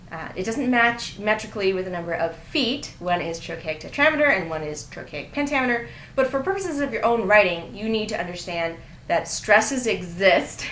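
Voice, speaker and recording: A woman's voice: medium pitch, bright, forceful tone, slight background noise. A woman teaching writing in a recorded grammar lecture, explaining with light amusement and reading example sentences aloud. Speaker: writing instructor. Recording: roomy echo.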